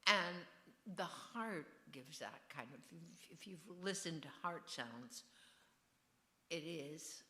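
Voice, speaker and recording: An older woman speaks slowly in a low voice with a bright, forward edge, musing and wandering wryly through her thoughts. It sounds like an author answering questions at a festival venue, and the room adds a noticeable echo. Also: expressive. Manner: musing, digressive and wry. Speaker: novelist being interviewed. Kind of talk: on-stage author conversation. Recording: roomy echo.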